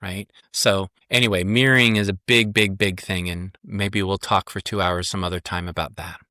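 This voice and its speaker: Bright-voiced, earnest male therapist. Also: sits low, fairly even intonation, moderate pace, no echo, clean studio sound. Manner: earnest, emphatic, repeats key points. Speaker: psychotherapist and parenting coach, guest. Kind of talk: podcast interview.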